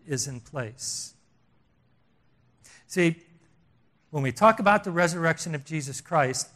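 An older man preaching a sermon, emphatic and repetitive, swinging between loud stresses and hushed lines. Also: a little high.

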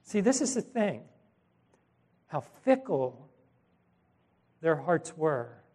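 A man's voice: fairly high pitch, very slow. A man preaching a sermon in a conversational way, retelling scripture with asides and acting out the voices in the story. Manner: animated storytelling, acts out quoted voices; conversational asides and self-corrections. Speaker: pastor.

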